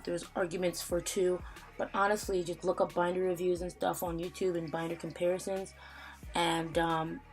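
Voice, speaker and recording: A casual, rambling man giving advice. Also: high voice. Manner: rambling and joking, with many fillers and trailing asides.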